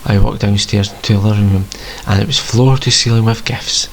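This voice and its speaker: Gravelly low-voiced male storyteller. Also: fairly even intonation, moderate pace, slight background noise, poor audio. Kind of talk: first-person story reading.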